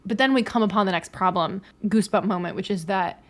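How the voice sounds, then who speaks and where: With a steady tone, a mid-range voice, and a slightly fast pace, this late-twenties woman co-hosts a casual podcast about a book. She turns bubbly and giggly while retelling its scenes.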